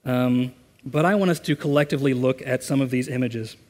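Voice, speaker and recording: A man's voice: mid-range voice, brisk, darkish tone. A man preaching a sermon in a church, earnest and conversational, reading scripture and leading a prayer. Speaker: pastor. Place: church sanctuary. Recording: long hall reverb.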